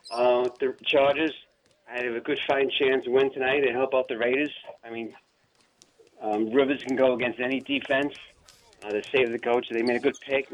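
A man with a New York accent calling in to a sports radio show, talking hesitantly and rambling through his point. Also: medium pitch. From Staten Island, New York. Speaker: caller. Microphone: phone. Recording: muffled phone line with faint noise. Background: dog in the house.

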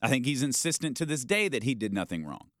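A man hosting a sports talk show, arguing his point in a casual, animated way and acting out how people might react. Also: medium pitch, quick pace, no room sound, clean studio sound. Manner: animated, argumentative, acts out quoted reactions.

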